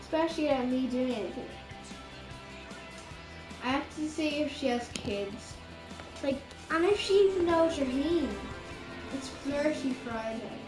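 A woman with a high, animated voice gives casual game commentary, speaking a little slowly and pausing often. She rambles with exasperation and lots of filler words, over game music in a roomy, echoing recording.

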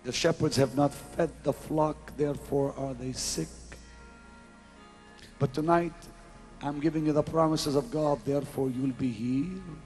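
Slow dramatic preacher man, soft music. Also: fairly high pitch, steady tone. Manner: dramatic swings from loud exclamation to hushed whisper; slow, drawn-out delivery. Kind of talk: revival sermon. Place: large arena crusade. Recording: 1990s live event recording with faint music.

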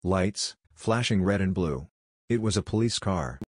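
A man narrates a horror story in a very low, deep voice, measured and subdued. The sound is dry and close, with no room around it. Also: lively intonation, dry recording.

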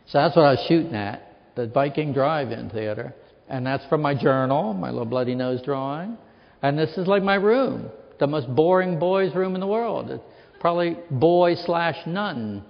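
A man's voice: a little high, lively intonation, moderate pace, creaky. A man from Western Pennsylvania giving a lecture as an author, telling humorous anecdotes and acting out the people in them. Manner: anecdotal, acts out quoted people in his stories. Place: lecture hall. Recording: reverberant hall, dull lo-fi sound.

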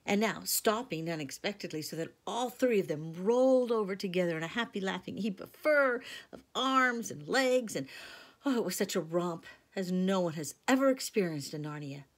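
Husky, hushed woman reading a storybook. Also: mid-range voice, expressive, normal speed. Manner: soft, hushed, half-whispered narration. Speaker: teacher.

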